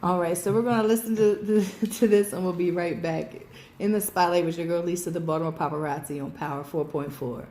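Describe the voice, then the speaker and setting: Low-voiced woman radio host, echoey. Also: fairly even intonation, fairly quick. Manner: brief backchannel and upbeat sign-offs. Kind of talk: radio show hosting. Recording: echoey room with clear background noise.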